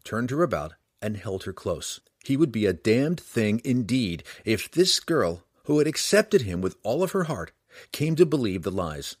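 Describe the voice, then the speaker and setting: Middle aged guy narrating a fantasy audiobook, low husky voice, swoops around a lot, dry close mic. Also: normal speed, no echo. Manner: expressive storytelling delivery. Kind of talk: scripted narration.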